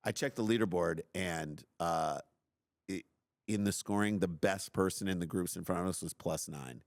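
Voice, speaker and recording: A middle-aged man hosting a podcast, telling a personal story in an animated, self-deprecating way and acting out his own outbursts. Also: low-pitched, normal speed, no echo. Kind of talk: casual storytelling.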